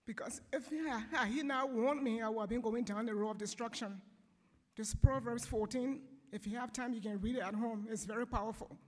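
A woman giving a personal testimony in church, emotional, pausing and apologizing as she speaks. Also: on the high side, fairly even intonation, long reverb tail. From Africa.

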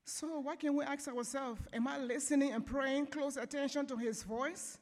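A woman's voice: high-pitched, steady tone, a little mellow, big-room sound. Emotional woman giving church testimony. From Africa. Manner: emotional, apologizing and pausing.

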